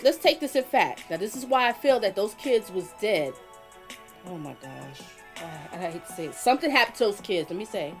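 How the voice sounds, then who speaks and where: Speaking at medium pitch, a woman offers relaxed live stream commentary with emphasis, going over her points repeatedly and reading viewer comments aloud.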